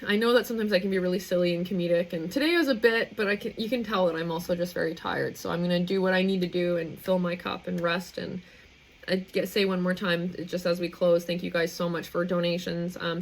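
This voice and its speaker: A woman's voice: fairly low pitch, rough recording. A young woman hosting a live stream, talking in an effusive, rambling, heartfelt way. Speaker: livestream host. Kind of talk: emotional live stream sign-off.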